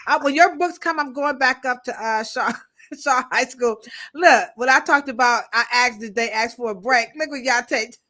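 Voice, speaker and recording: A woman co-hosting a live stream with a bright, forward voice. She talks loosely and playfully to her viewers. Her speech is full of slang and laughter. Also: fairly high pitch, normal speed. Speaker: co-host. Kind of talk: casual live-stream chat.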